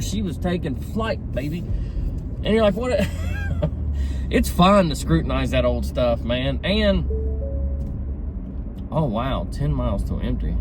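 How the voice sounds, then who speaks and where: A man in his thirties rambling and joking as he drives, laughing at his own jokes. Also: sits high. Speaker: vlogger. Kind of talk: casual rambling vlog while driving. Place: inside a car in traffic. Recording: road and traffic noise.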